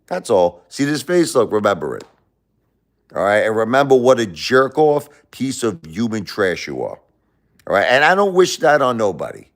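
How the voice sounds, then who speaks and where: A man hosting a live stream, angrily lecturing and insulting a chat commenter with lots of profanity, swinging between loud outbursts and low muttering. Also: very animated, moderate pace. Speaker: livestream host reading chat. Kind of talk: livestream rant at a chat commenter.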